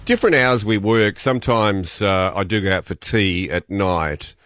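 A man's voice: lowish voice, normal speed, a bit bright, no echo, studio quality, faint music behind. A middle-aged Australian man hosting breakfast radio, telling rambling jokey stories. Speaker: radio host. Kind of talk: comic breakfast radio banter.

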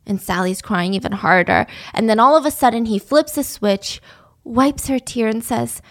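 A woman telling a story in a chatty, animated way with dramatic asides. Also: fairly high pitch, moderate pace. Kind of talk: casual storytelling.

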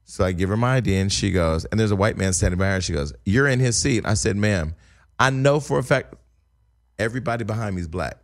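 This man talks fast in a fairly low voice as he spins a long, humorous podcast story in a casual way. He's animated, voicing the characters he quotes and laughing while he tells it.

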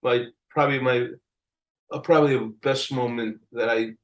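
An older man telling a story in a casual interview, animated, acting out the people he quotes and laughing often. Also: medium pitch, moderate pace, poor audio. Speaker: album cover artist telling a story.

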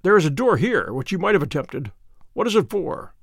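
A man plays a sharp, commanding detective from a classic story. He speaks crisply and with authority, his pitch moving a lot. The recording is close and dry. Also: very animated, brisk, no room sound, exaggerated voice.

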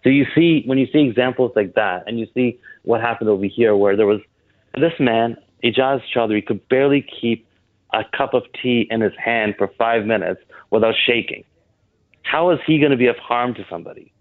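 A man, a guest on an interview, talking earnestly with halting restarts over a phone line. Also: medium pitch, no echo. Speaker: guest, board member of an advocacy group.

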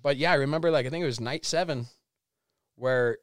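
A man of middle pitch tells a long story as a podcast guest, animated and swearing at every turn. He slips into acted-out voices for what he and others said. The sound is close and dry, with no room around it. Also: a little fast, no room sound. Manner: animated, swears constantly, acts out quotes. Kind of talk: casual storytelling interview.

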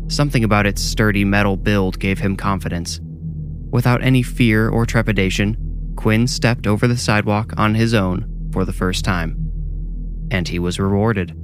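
A man narrating a scripted horror story in a measured, deliberate way. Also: lowish voice, fairly even intonation, noisy background.

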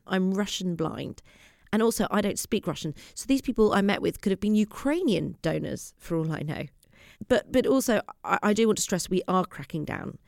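A woman's voice: mid-range voice, gravelly, a little mellow, no echo, studio quality. A woman playing an evasive Conservative backbench MP in a comedy sketch, talking in earnest political spin.

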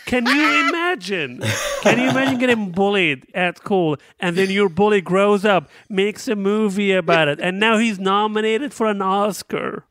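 Man co-host, raised voice, smooth and resonant, dry close sound, animated storytelling. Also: high voice, normal speed, hardly any pauses, no echo. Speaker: podcast co-host. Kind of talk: casual podcast chat.

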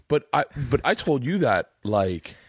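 Animated man telling crude stories. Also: mid-range voice, unhurried, husky, no echo, clean studio sound. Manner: animated storyteller, swears freely, puts on voices in anecdotes. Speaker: podcast host. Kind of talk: casual chat.

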